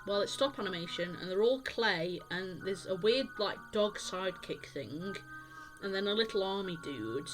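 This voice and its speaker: A woman's voice: mid-range voice, animated, moderate pace, poor audio. A woman streaming a narrative game live, reading its text aloud and breaking off into casual, sweary asides. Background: loud game music.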